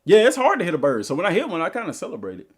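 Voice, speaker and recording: A man's voice: high voice, huge pitch swings, rapid-fire, breathy edge. A male gaming streamer chatting casually and rambling through stories while he plays. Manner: rambling, loose storytelling. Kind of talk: casual live-stream chat.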